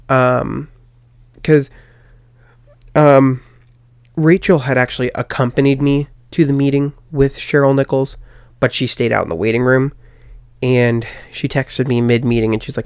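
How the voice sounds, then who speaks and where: Creaky-voiced young man rambling a story. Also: medium pitch, normal speed, no room sound, studio quality. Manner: rambling, many fillers and restarts. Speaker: podcast host. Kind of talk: personal storytelling.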